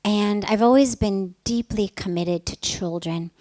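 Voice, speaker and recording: Middle-aged woman teacher telling a story, earnest and emphatic, goes hushed and breathy a lot, dry close sound. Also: medium pitch, measured pace, no room sound. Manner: earnest, emphatic, often softening to a breathy hush. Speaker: spiritual teacher. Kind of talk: personal story in a spiritual talk.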